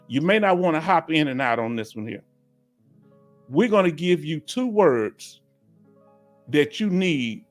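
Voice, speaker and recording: Chatty Southern man hosting a live Q&A. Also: on the high side. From Houston, Texas. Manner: chatty, reads viewer comments aloud. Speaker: livestream host for veterans. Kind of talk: casual live Q&A.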